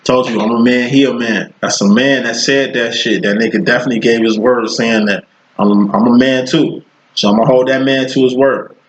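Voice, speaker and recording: A man's voice: medium pitch, fairly even intonation, a little fast, slight background noise. A man in his thirties giving a casual tarot reading as a psychic, talking bluntly in profane street slang. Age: 30s. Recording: roomy, dull lo-fi sound.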